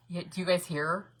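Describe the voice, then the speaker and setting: A middle-aged woman hosts a casual craft livestream from her home craft room, chatting, laughing often and greeting viewers by name. Her voice sits on the low side and has a breathy edge.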